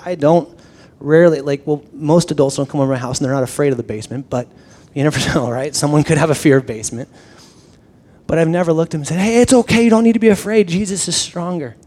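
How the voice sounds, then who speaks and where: A man with a slightly high voice gives a sermon as a relaxed personal story. He talks like a pastor chatting with his congregation, animated and repeating words as he restarts his sentences.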